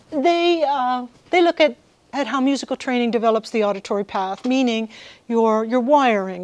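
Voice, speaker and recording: A woman giving a workshop lecture to music students, lively and engaging the audience with questions. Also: sits high, dry recording. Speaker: guest lecturer.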